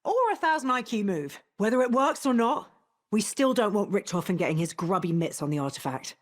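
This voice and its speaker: A woman's voice: mid-range voice, animated, fairly quick, natural voice. An actress playing a tough, cocky female soldier in a video game cutscene, with a dry delivery.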